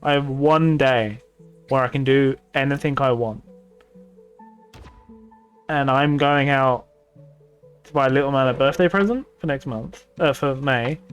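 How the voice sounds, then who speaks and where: A man's voice: mid-range voice, unhurried, pauses often, clean tone, soft background music. A man, talking casually on a gaming stream, swearing freely as he rants in exasperation.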